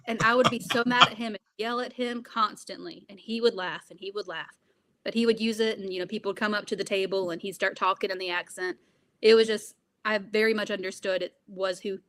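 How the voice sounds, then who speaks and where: A woman's voice: mid-range voice, a bit bright. A young woman being interviewed, speaking earnestly, with frequent laughs and fillers. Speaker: guest. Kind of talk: interview conversation.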